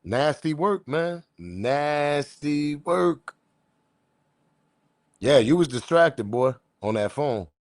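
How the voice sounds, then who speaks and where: A man hosting a casual online commentary, speaking bluntly in slang and addressing viewers directly in an animated way. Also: mid-range voice, a little slow, hardly any pauses, no echo, clean studio sound. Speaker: commentary host.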